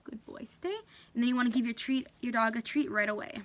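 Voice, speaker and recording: A woman's voice: on the high side, steady tone, fast talker, slight background noise. A woman casually demonstrating dog training at home, explaining each step and talking to her dog along the way. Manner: chatty, talks to her dog between explanations. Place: indoors at home.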